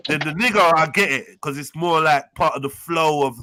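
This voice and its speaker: A man hosting a casual online panel, loud, jokey and full of slang. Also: a little high, normal speed, slight background noise. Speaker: host.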